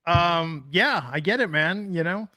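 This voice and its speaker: A man's voice: sits high, a little slow, pushed and bright, no echo, studio quality. A man co-hosting a wrestling podcast in casual, joking chat, rambling and swearing freely. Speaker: podcast co-host.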